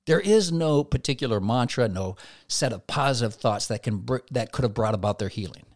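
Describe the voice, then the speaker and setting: Male preacher, devotional sermon, lively delivery with probing questions, dry recording. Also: fairly quick, dry recording. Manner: asks the listener direct rhetorical questions; expressive, swings between loud emphasis and soft low asides.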